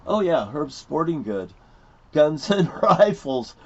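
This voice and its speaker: A man's voice: fairly high pitch, slow pace. A middle-aged man rambling through a personal story, swearing often and getting worked up as he goes. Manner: profane, excitable, rambling. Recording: dull lo-fi recording.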